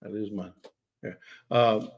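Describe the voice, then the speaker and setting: A man's voice: lowish voice, fairly even intonation, unhurried. A man hosting a casual livestream, chatting and teasing his viewers by name. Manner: chatty, teasing, talks straight to chat viewers. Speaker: livestream host.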